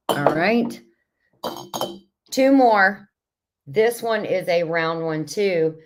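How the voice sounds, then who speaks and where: Low, slow-talking chatty woman. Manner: chatty, reads viewer comments aloud, gushes over vintage jars. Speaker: livestream host. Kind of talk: casual livestream chat. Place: home.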